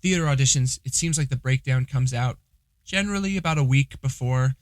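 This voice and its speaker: Talking a little fast at a medium pitch, this young co-host keeps the chat loose with self-deprecating jokes. The recording is dry.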